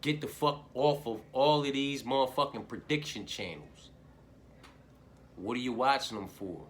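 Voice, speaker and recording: A man's voice: mid-range voice, moderate pace, a little hiss or hum. A man hosting a fight-betting picks channel, talking in a profane, rambling, fired-up way with lots of slang fillers. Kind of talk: casual solo picks monologue.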